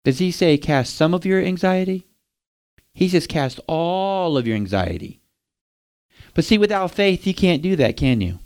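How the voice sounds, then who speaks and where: A man's voice: fairly high pitch, animated, a little slow, a little mellow. A man preaching a sermon, speaking straight to his listeners and asking them questions. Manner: direct, asks the listeners questions.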